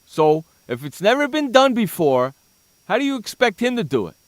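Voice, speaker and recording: A male sports talk host tears into a target with theatrical scorn, his voice sitting a bit high. The sound is dry and close, with no room around it. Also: sing-song, normal speed, dry recording. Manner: mocking, insulting, loud bursts. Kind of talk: comedic sports talk rant.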